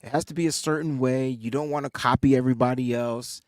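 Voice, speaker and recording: A man's voice: medium pitch, steady tone, fast talker, a little mellow, no echo, clean studio sound. A man co-hosting a casual sports podcast, joking and laughing as he teases the others. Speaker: podcast co-host. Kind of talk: casual chat.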